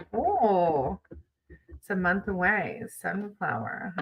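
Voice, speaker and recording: A woman's voice: mid-range voice, a little slow, muffled recording, heavy background noise. A woman chatting casually with viewers on a livestream, greeting them by name and reading tarot cards.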